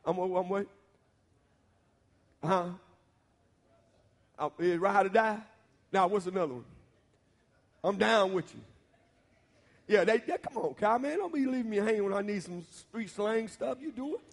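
A male pastor preaches in a church sanctuary, talking in a colloquial, animated way and teasing his congregation. His voice is very high for a man. The sound rings with a long hall reverb. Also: normal speed, long pauses. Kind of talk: sermon.

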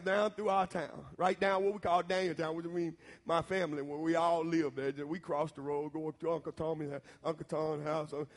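This preacher from the Southern United States has a fairly high voice and shares a folksy sermon story, talking straight to the audience and repeatedly checking in. His delivery builds to shouted points, echoing with a long hall reverb.

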